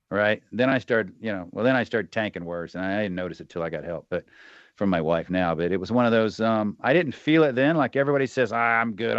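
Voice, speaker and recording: A man's voice: fairly low pitch, no room sound, muffled recording. A middle-aged man and retired soldier talking bluntly and with profanity as a podcast guest, often acting out quoted voices. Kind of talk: candid interview talk.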